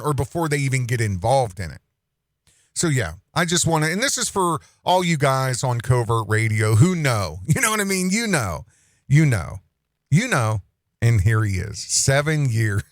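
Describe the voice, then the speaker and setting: A man hosts an online commentary show in a loose, mocking manner, circling back to repeat his points. His pitch swings about a lot as he talks. The recording is dry and close. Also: no echo. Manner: mocking, rambling, repeats phrases.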